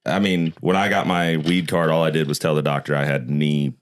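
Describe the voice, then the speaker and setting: Blunt, low-voiced male guest singer. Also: level tone, brisk. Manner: blunt, profane storytelling. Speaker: band lead singer, podcast guest. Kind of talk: casual chat.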